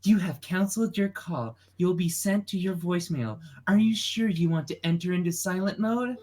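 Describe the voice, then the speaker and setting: A man voicing a phone's automated voice in a casual comic reading, mock-mechanical and ending in high beeps. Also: moderate pace, darkish tone. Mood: mock robotic. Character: phone's automated voice, beeping as it shuts down.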